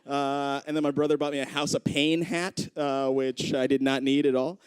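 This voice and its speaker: On a comedy club stage, a young stand-up comedian tells a story with animated energy, voicing each character himself. He speaks at a normal speed in a clear, resonant mid-range voice, with no room sound.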